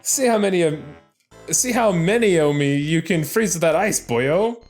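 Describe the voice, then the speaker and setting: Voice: mid-range voice, lively intonation, normal speed, darkish tone, soft background music, voice pushed up, natural voice. A gamer voicing a cocky male ghost who collects jars, in a mock Australian accent and a brash, taunting manner. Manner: brash, taunting, drops oi and mate.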